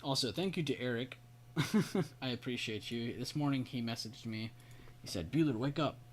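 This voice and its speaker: At medium pitch and a moderate pace, a man gives live market commentary on his trading stream, casually going through charts and calling out viewers by name with praise. He keeps hiccupping.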